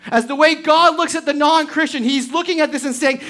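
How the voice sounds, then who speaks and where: A woman's voice: high voice, lively intonation, moderate pace, a bit bright. A woman preaching a sermon to a congregation, emphatic and full of rhetorical questions. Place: church service before a congregation.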